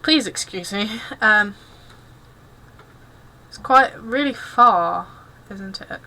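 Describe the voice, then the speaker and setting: A woman's voice: mid-range voice, slow, pushed and bright, poor audio. A young English woman streaming while she crafts, chatting casually and awkwardly, apologising often. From England. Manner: self-consciously awkward and apologetic. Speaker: cosplay streamer.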